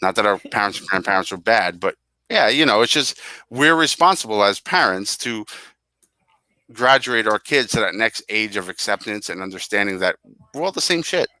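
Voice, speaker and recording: A man's voice: fairly low pitch, animated, moderate pace, pushed and bright, dry recording. A middle-aged man co-hosting a casual music podcast, talking earnestly and drifting into tangents. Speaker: podcast co-host.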